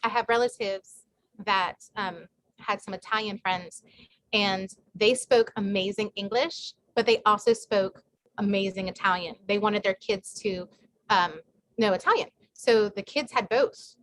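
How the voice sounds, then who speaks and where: A woman's voice: medium pitch, measured pace, fairly bright tone. A woman author answering questions in a casual group chat on a video call, talking with many fillers and restarts. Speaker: guest author. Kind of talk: casual online group talk.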